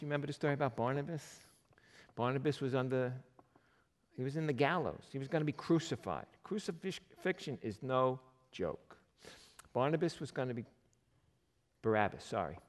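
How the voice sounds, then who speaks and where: A man pastor preaching a sermon in a lively, conversational way, firing off rhetorical questions at his congregation. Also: medium pitch, a little fast, long reverb tail.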